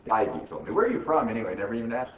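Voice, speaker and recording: A joking accounting instructor from the United States lectures a class, quizzing them with constant tag questions and teasing jokes. His medium-pitched voice swings widely in pitch and races along, recorded from far off in an echoey classroom, muffled with faint hiss.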